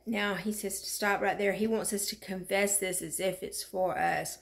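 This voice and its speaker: A woman's voice: medium pitch, fairly even intonation, normal speed, gravelly. A woman leading a fervent early-morning prayer and reading scripture aloud, decreeing and declaring. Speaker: prayer leader. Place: at home, just woken up.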